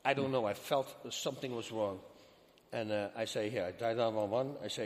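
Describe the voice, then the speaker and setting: A man with a Dutch accent, a guest in an interview, telling a story in an animated way and acting out the dialogue. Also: fairly low pitch, fairly quick. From Netherlands. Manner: animated, acts out quoted dialogue. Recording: long hall reverb.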